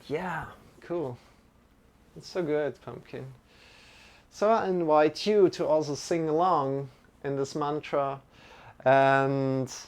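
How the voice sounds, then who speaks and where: A man leading a live-streamed yoga and meditation class, giving gentle, encouraging cues and chatting with viewers between them. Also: medium pitch. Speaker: yoga teacher.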